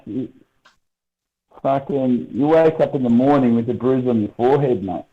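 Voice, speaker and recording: A man's voice: medium pitch, normal speed. An Australian man in his forties, swearing and joking in casual banter on a video call. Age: 40s. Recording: dull lo-fi call audio.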